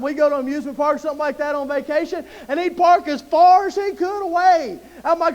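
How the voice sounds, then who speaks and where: A man's voice: very high voice, steady tone, fast, hardly any pauses. A man from Mississippi with a Southern accent preaching a sermon in a church, telling folksy stories in plain Southern talk. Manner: folksy storytelling with Southern slang. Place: church sanctuary.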